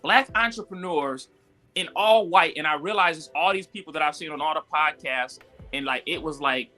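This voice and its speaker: Man, high-pitched, bright voice, animated storyteller, lots of fillers, faint music behind. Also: moderate pace. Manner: animated, acts out quotes with sudden high pitch jumps; frequent fillers "like" and "yo". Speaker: guest entrepreneur. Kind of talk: casual storytelling on a live talk stream.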